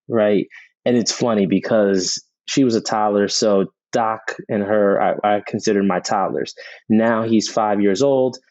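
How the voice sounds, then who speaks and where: A man's voice: lowish voice, dark tone, no echo. A middle-aged man telling personal stories in an interview, earnest, often repeating the first word of a sentence. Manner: earnest, repeats words when starting sentences. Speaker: podcast guest, Army veteran. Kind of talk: conversational interview storytelling. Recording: dull, lo-fi dry sound.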